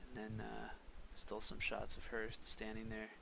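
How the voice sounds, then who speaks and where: A young man casually talking through and pitching a storyboard scene, narrating the actions as he goes. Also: monotone, normal speed, vocal fry, bright, forceful tone, slight background noise, poor audio. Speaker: storyboard artist.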